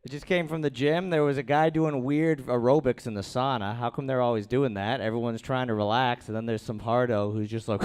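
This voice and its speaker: Self-mocking stand-up comic man, smooth voice. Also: medium pitch, brisk. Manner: rambling, self-deprecating, crude. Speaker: stand-up comedian. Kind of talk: stand-up set at an open mic. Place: small comedy room, live. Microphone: handheld stage mic.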